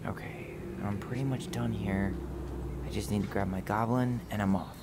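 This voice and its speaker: A man voicing a young man in a video game who is leaving a detention center, soft-spoken and wistful. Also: lowish voice, fairly even intonation, moderate pace, lightly acted. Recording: game audio with loud hiss.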